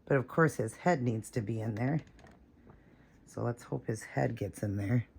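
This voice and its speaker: A woman vlogging an unboxing, gushing and breathless, shaky with excitement, repeating herself as she talks to viewers. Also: a bass voice, a little slow, vocal fry, a little hiss or hum. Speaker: vlogger unboxing a reborn doll.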